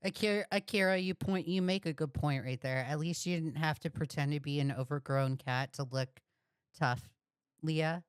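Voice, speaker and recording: A woman's voice: sits low, moderate pace, clean tone, no room sound, studio quality. A woman giving blunt, profane, heated reaction commentary on a video she is watching. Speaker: reaction streamer.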